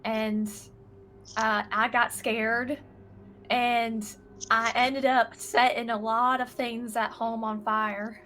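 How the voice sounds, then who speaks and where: A nervous young girl adventurer from a tabletop game, voiced by a woman, rambling and halting as she pours out her story. Her voice sits high and bright, and she talks slowly, with faint noise in the background. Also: flat delivery. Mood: anxious. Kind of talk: in-character tabletop role-play.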